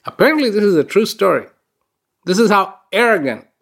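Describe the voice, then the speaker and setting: A man's voice: high voice, big pitch swings, brisk, gravelly, a bit bright. A man giving an inspirational talk, telling stories in a conversational way and repeating words for emphasis. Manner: conversational storyteller with fillers. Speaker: speaker giving a reflective talk.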